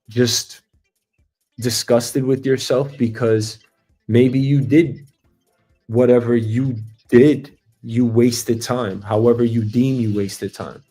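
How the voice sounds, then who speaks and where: A man hosts his own show with a casual, wandering monologue, thinking out loud and circling back on his questions. His voice is mellow and unhurried, with a steady mid pitch and the odd curse word. Faint music plays underneath. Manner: reflective, profane, rambling with many fillers. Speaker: show host.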